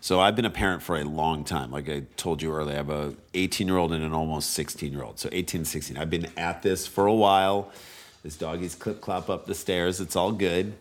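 A middle-aged man with a low voice chats as a podcast guest. He is from St. Louis. He tells stories in a casual, animated way and slips into the voices of the people he quotes. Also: a little fast. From St. Louis, USA. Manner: animated, acts out quoted speech.

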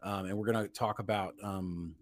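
A man co-hosting a podcast in casual chat, animated and laughing along. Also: lowish voice, dry recording, studio quality. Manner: animated, laughs along, quick agreeing interjections. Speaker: podcast co-host.

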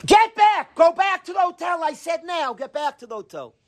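A man's voice: fairly high pitch, animated, moderate pace, a little mellow, slightly rough. A man voicing a very tall, serious older male rabbi who is tired and overwhelmed. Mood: furious shouting. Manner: pleading, then erupting in anger.

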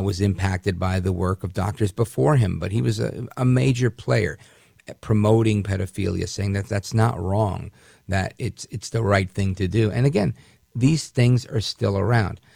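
A man's voice: on the low side, vocal fry, a little mellow, dry recording, clean studio sound. A man hosting a syndicated talk radio show, delivering an indignant, rambling monologue with frequent restarts. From Puerto Rican heritage, raised in the northern US.

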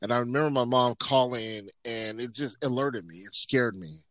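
A man in casual chat, telling animated, laughing stories about his family. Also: moderate pace, no room sound. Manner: mimics others in a high voice.

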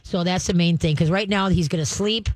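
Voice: mid-range voice, brisk, dry recording. A dog trainer giving advice to a caller, rambling with many restarts and playful dog talk, laughing often along the way.

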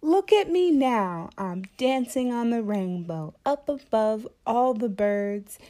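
A woman's voice: lively intonation, slow. Woman doing a bouncy little fox cub. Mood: excited. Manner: eager, bouncy, high and loud.

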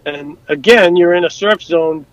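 High-voiced man telling lively sea stories. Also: a little slow, no room sound, low-quality recording. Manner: animated, acts out quotes, many fillers and restarts. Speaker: guest, former rescue boat crewman. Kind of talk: casual storytelling.

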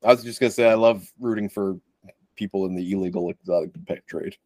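A man's voice: low voice, fast talker, no room sound. A man co-hosting a podcast, chatting casually about a movie, joking and acting out characters' lines. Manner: animated, joking, acts out lines in silly voices. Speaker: podcast co-host. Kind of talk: casual movie review chat.

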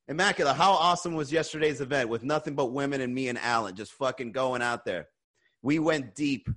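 A man's voice: a little high, a bit bright. A man hosting a live-streamed comedy podcast, chatting loosely with viewers, swearing and ranting between laughs. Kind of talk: casual chat reading viewer comments.

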